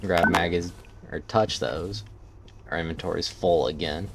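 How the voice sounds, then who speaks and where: Low-voiced man narrating his gameplay. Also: a little slow, vocal fry, heavy background noise. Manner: relaxed, thinking aloud. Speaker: gameplay streamer. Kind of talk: let's-play commentary. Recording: game music underneath.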